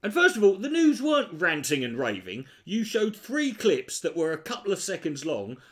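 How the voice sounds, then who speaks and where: A man riffs sarcastically over a clip, his pitch swinging widely and sitting a touch high. He swears often and mocks the speaker with exaggerated mimicry. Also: huge pitch swings, moderate pace. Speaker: commentator reacting to a video. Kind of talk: reaction commentary.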